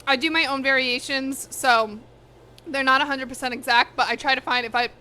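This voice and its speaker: Live-streaming a cooking show from her home kitchen, a woman eats while chatting bluntly and casually with viewers, cursing freely and now and then speaking with food in her mouth. Her voice is high and sharp, with fairly even intonation and a brisk pace.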